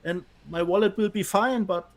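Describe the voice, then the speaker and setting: German man, high voice, casual co-host. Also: moderate pace. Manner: chatty, reads out viewer comments, laughs often. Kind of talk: casual chat.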